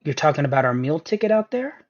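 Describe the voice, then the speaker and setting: A man's voice: on the high side, big pitch swings, quick pace. A man voicing a male goblin clan leader who talks bluntly and suspiciously, in a tabletop game. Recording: dull lo-fi sound.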